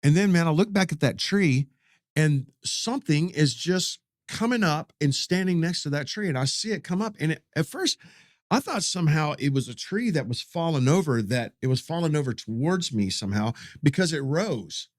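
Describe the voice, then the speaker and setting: A pastor in his fifties telling a story in a casual interview, animated and folksy, often repeating his words. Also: a little high, moderate pace, no echo, clean studio sound.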